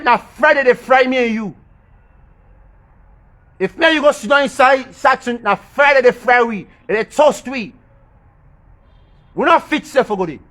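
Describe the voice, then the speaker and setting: High-voiced man musing on the planets. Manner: repeats phrases for emphasis, chuckles softly to himself; talks in creole-tinged informal English. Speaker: social media commentator. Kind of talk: rambling spoken monologue about planets and religion.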